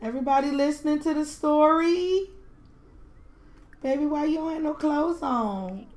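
A woman's voice: high voice, moderate pace, a little mellow. A woman giving casual gameplay commentary, doting and gushing over her toddlers. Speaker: game streamer.

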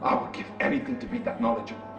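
A man voicing a husband returning after long years away, emotional and declaring loudly. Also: very fast, lightly acted. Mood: earnest. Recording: distant roomy dull sound with music.

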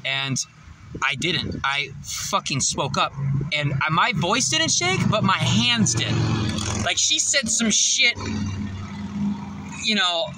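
A man's voice: on the high side, noisy background. A man telling a rambling, profane story in a casual vlog, out of breath and laughing often. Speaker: vlogger.

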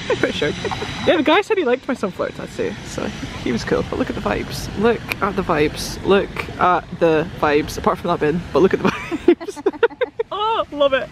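A young woman chatting excitedly to camera in a casual vlog, gushing and giggling as she talks. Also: on the low side. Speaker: vlogger. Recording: noisy phone vlog audio.

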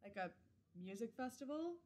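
A woman's voice: a little high, normal speed. A young woman from Wisconsin with a Midwestern American accent, a fitness trainer chatting casually in an interview video. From Wisconsin, USA. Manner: chatty, relaxed, fond of "like". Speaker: assistant program manager and personal trainer at a fitness center.

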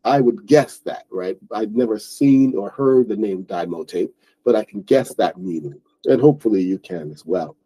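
A man's voice: on the low side, normal speed, mellow, slightly rough, poor audio. A man hosting an online English book club, explaining a story in a loose, rambling way with many fillers and restarts. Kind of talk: casual explaining lesson.

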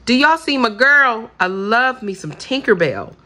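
A woman's voice: on the high side, sing-song, a little slow, pushed and bright. A woman chatting enthusiastically through a haul video, saying "y'all" a lot. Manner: gushing, chatty, says "y'all" often. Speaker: vlogger showing purchases. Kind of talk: casual haul video chat.

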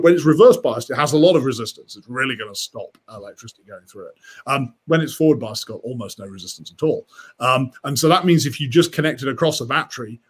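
A man's voice: mid-range voice, slightly rough. A man explaining electronics as a guest on a live stream, thinking aloud with many fillers and restarts. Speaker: guest engineer.

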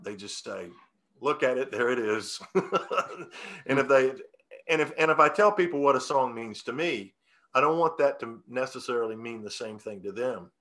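Bright-voiced rambling songwriter man. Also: medium pitch. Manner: rambling, self-correcting, chuckling. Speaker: songwriter guest. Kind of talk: casual interview talk.

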